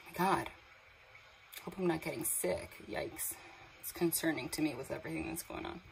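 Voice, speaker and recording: A woman's voice: sits low, normal speed, gravelly, a little hiss or hum, poor audio. A young woman giving a tarot card reading, emotional and awed, reading card texts aloud, with water sounds from a sound machine in the background. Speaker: tarot reader.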